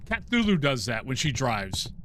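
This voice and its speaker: A man's voice: medium pitch, sing-song, moderate pace, a bit bright, a little hiss or hum. A middle-aged man chatting casually with his stream viewers while gaming, rambling from one story to the next. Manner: rambling, talks to chat and to the game's ghost.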